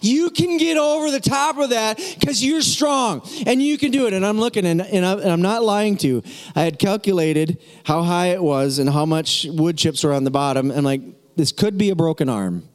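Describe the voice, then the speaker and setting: High voiced middle-aged guy preaching, animated, yells out the cheering parts. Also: smooth. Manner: animated, acts out the people in his story, shouts encouragement. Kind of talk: storytelling sermon.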